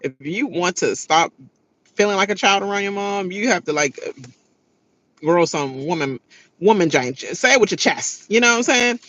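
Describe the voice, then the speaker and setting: Lively, bright-voiced woman recapping TV. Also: fairly low pitch, rough recording. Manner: animated and slangy, laughs often. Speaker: reality TV recap host. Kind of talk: casual TV recap and rant.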